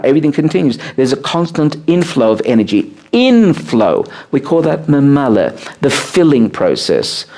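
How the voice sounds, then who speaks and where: A rabbi teaching a small live group, explaining ideas with animated, swooping emphasis and many "uh" fillers. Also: male voice. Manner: animated, swooping pitch on key words, frequent "uh" fillers. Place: room with a small seated group.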